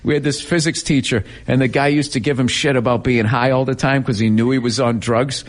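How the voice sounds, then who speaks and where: A man's voice: mid-range voice, brisk. A man, a comedian guest in an interview, telling profane stories in a casual way and laughing often. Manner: profane, animated, laughing storyteller.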